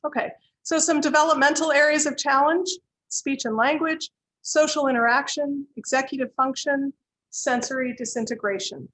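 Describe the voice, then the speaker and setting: A woman's voice: sits high, steady tone, normal speed, a bit bright. Woman lecturer in an echoey room. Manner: explanatory, uses acted examples, direct. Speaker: lecturer on counseling and autism. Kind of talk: lecture to students. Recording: echoey room, faint background hiss.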